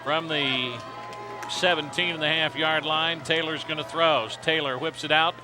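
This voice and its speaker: A man calling high school football play-by-play, brisk and rising to shouts on big plays. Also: steady tone. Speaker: play-by-play announcer. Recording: noisy outdoor stadium broadcast with crowd.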